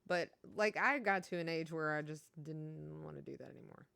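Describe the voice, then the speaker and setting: A woman's voice: low-pitched, vocal fry, a bit bright, no echo. A woman from Kentucky with a Kentucky accent, chatting casually on a stream and reading out chat, rambling and laughing as she talks.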